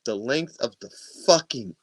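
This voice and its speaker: A man co-hosting a wrestling podcast in casual chat, animated and quick to swear and laugh. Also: mid-range voice, husky, dry recording. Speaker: podcast co-host.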